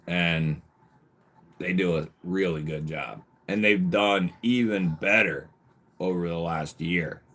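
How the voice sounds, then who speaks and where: A man hosting a casual live stream, greeting viewers by nickname with lively bursts of emphasis and the odd swear word. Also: low-pitched, slow. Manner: occasional mild swearing. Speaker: livestream host.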